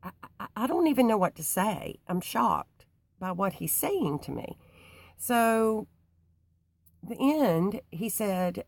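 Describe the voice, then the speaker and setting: A woman telling a personal story to her viewers, halting with many restarts and fillers. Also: medium pitch, sing-song, gravelly, no echo. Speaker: YouTuber.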